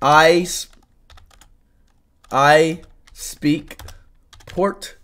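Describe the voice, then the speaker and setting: A young man live streaming, talking loudly and excitably to his chat and swearing often. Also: a little high, slow, pauses often. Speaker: livestreamer.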